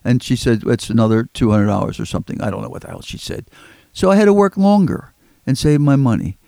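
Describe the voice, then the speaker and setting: This Philadelphia record collector, an older man, has a mid-range, dark voice with vocal fry, lively intonation and a quick pace. In the interview he tells wandering stories, repeating himself and acting out quotes, over an echo-free studio microphone.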